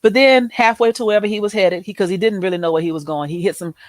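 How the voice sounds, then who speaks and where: A woman's voice: medium pitch, fast, no room sound. A woman hosting a show, telling a story in a casual chat style and acting out the people in it with changed voices. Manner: animated, acts out quoted people in changed voices. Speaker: host.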